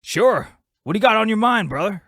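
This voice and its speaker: A man voicing a brash, scheming watch business partner in a comedy skit, talking loudly and cursing. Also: high voice, animated, brisk, gravelly, no echo, studio quality, pitched above the performer's own voice, full character voice. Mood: friendly. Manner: loud, swaggering, cursing.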